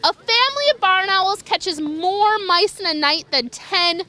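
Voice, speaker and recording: A woman's voice: extremely high pitch, animated, measured pace, hardly any pauses, pushed and bright. A young woman giving an enthusiastic wildlife lecture to an audience, sometimes imitating animal calls. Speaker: raptor educator. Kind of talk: public lecture.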